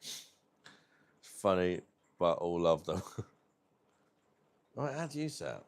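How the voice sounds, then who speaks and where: A man's voice: low-pitched, very animated, slow pace. A British man hosting a livestream, chatting casually and rambling, swearing freely. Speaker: livestream host.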